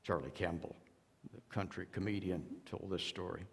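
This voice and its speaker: A man's voice: low voice, moderate pace, gravelly. A man preaching a sermon as a pastor, telling stories with quoted voices and touches of humor. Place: church sanctuary. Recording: long church reverb.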